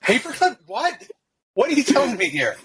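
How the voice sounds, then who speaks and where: A man's voice: very high voice, wildly swooping pitch, normal speed, a bit bright, breathy edge, pitched above the performer's own voice, exaggerated voice. A man voicing a frightened young woman on a work crew, stammering and rattled. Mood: alarmed.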